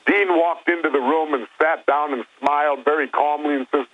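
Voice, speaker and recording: A man's voice: a little high, fairly even intonation, moderate pace, hardly any pauses. Older man speaking over a tinny phone line. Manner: blunt, storytelling. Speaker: guest. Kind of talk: phone interview.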